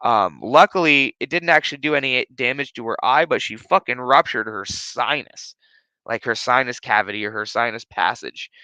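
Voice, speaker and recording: Man, podcast host, cursing, rambling storyteller, bright voice, dry close sound. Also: medium pitch, moderate pace, clean tone, no room sound, dull audio. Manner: profane, rambling, full of fillers like "like". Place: his living room at home. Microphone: streaming setup.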